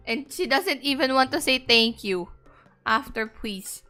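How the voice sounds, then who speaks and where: Woman streamer, casual and animated, high bright voice, unhurried. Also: soft background music. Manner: animated, teasing storytelling. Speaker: VTuber streamer. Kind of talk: casual gaming stream chat.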